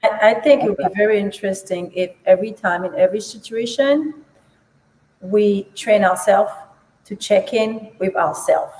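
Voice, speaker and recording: A woman's voice: mid-range voice, moderate pace, darkish tone. A woman co-hosting a casual chat, speaking reflectively and repeating key phrases for emphasis. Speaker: co-host. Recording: echoey room, long reverb.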